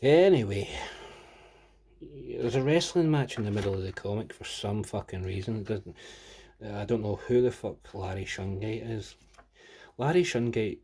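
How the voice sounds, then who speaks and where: A man's voice: lowish voice, normal speed, warm tone, slight background noise. A Scottish man giving a casual, rambling comic book review, full of swearing and rants. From Scotland. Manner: profane, ranting, sweary.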